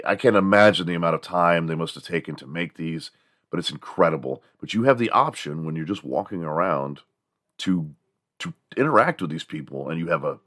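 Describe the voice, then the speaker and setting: Low voiced guy ranting on his podcast, swears a lot, dry close sound. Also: no room sound. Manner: profane, rambling storyteller; acts out quoted voices in bursts. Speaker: podcast host. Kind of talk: casual comedic rant.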